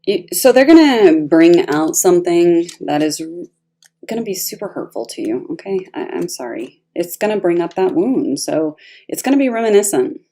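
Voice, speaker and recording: A woman giving a casual, expressive tarot reading, talking straight to the viewer with emphatic asides. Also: on the low side, normal speed. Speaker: tarot reader.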